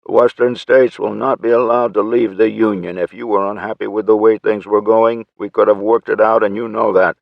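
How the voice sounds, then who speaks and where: A man's voice: on the low side, steady tone, fairly quick, creaky, few pauses, dry recording, dull audio, pitched above the performer's own voice. A man voicing an indignant male president with a stern, scolding delivery.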